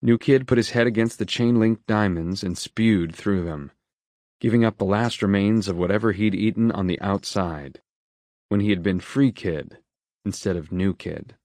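Low-voiced male audiobook narrator. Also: moderate pace, a little mellow, dry recording. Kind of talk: scripted narration.

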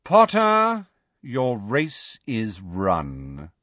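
Sneery posh villain guy drawling slow , man putting him on, kinda husky dull sound. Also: mid-range voice, sing-song, fairly bright tone, no room sound, heavily acted. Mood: sneering. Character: sneering aristocratic male villain, cold and drawling.

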